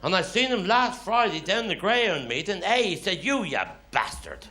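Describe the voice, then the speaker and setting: Performing stand-up live, this comedian from Cornwall tells dialect tales and voices grumbling characters. He's high-pitched and expressive with a sharp tone and moderate pace, and the audience laughs along.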